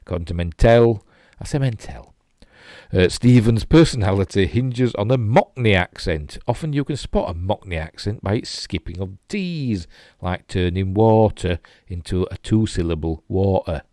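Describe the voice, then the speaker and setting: A man's voice: sits low, animated, normal speed, mellow, no room sound. A man with a Yorkshire accent hosting a geek news show, reading stories and dropping dry jokey asides. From Yorkshire, England.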